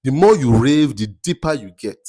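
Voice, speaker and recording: A man with a Nigerian accent hosting a faith-based motivational podcast, speaking slowly and deliberately and repeating words for emphasis. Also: medium pitch, expressive, mellow, slightly rough, dry recording, studio quality. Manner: slow, deliberate, picks words carefully with emphatic repetition. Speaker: podcast host.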